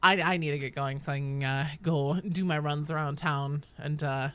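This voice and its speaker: A woman game streamer in casual live-stream chat, animated and candid, laughing often and swearing casually. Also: sits low, moderate pace, smooth.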